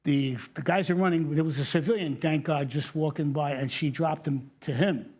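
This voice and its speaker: New man, 60s, retired fire captain; lively anecdote-teller, slightly raised pitch. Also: moderate pace. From New York. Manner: animated storyteller, acts out quoted lines, laughs often. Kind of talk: casual interview storytelling.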